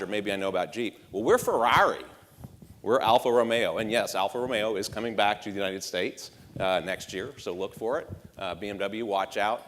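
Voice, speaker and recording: Male marketing exec, on stage, sells the keynote with rhetorical punch and dry wit, deeper voice carried by long hall reverb. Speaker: marketing executive giving a conference talk. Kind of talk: conference keynote speech.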